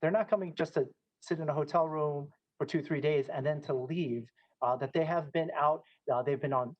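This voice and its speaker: A man asking a question as a reporter at a press conference, polite and deliberate. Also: fairly high pitch. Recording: muffled remote line.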